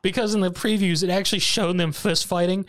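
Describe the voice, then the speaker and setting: An animated podcast host recaps an episode in loose, casual chat, laughing often and breaking into sudden high squeaks of amusement. The voice is mid-pitched and lively. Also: brisk.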